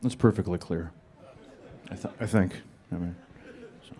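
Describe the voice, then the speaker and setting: Low-voiced guy, dry monotone, deadpan panel answers. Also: moderate pace. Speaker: actor answering audience questions.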